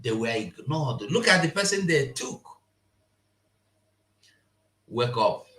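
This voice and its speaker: Animated Nigerian man, echoey room. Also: medium pitch, slow pace. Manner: laughs while talking, switches into Pidgin. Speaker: political commentator. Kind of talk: impassioned political commentary. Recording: roomy echo.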